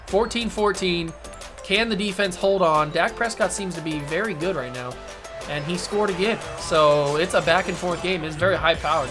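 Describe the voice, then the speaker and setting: Excitable man commentating a game over music. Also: high-pitched. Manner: excitable, bursts into shouting on big plays. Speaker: gaming YouTuber. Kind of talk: let's play commentary. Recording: music playing underneath.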